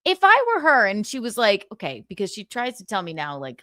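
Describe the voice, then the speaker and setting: Exasperated female streamer, casual profane rant, lively voice, dry close mic. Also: mid-range voice, brisk, no room sound. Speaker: livestream host.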